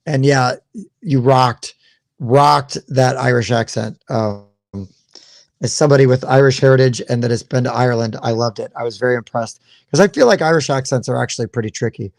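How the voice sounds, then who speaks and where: A man hosting a casual live show, chatting in a relaxed, hesitant way. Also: mid-range voice, fairly quick, gravelly, no room sound, clean studio sound. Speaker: host.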